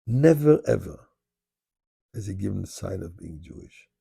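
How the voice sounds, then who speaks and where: A man, a rabbi, telling a personal story in an animated way, rattling off Hebrew prayer quickly in places. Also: low-pitched, vocal fry, breathy edge, dry recording, clean studio sound. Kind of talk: spoken storytelling. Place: Montreal.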